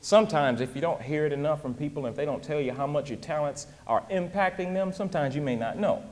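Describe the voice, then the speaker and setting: Man, motivational speaker, animated folksy delivery, fairly high pitch, long hall reverb. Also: fast talker. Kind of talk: live motivational talk.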